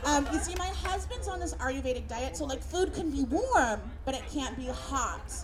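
A woman's voice: high voice, expressive, normal speed, a crowd in the background. Woman doing a fussy, fretful city diner. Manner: whiny, fretful questioning. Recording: live club with audience.

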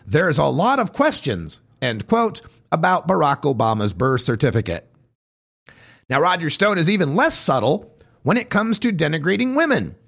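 A man with a fairly high voice that swoops up and down as he reads. He delivers pointed commentary at a measured pace, setting off each quote with pauses. His tone has a gravelly edge. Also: a bit bright. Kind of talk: reading a list of quotes, commentary.

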